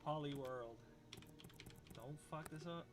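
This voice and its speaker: A man's voice: a little high, slow pace, noisy background. A young man chatting casually on a livestream, reading chat, swearing freely and laughing often as he rambles.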